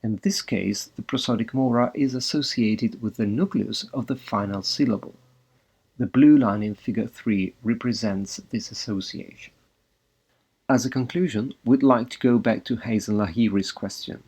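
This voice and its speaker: A man reading out a scripted academic presentation as a linguistics researcher, in a measured, read-aloud way. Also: fairly low pitch, darkish tone, slightly rough.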